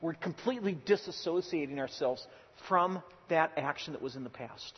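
A man's voice: on the high side, moderate pace, breathy edge. A male pastor preaching a sermon in a church, earnest and emphatic, often restarting his words. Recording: dull lo-fi recording with long hall reverb.

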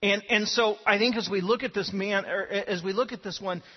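A male pastor gives an earnest sermon in a high, husky voice, often repeating words as he starts his phrases. The recording is dull and lo-fi, with a long reverb trailing through a church hall. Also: fairly even intonation, a little fast. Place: church sanctuary.

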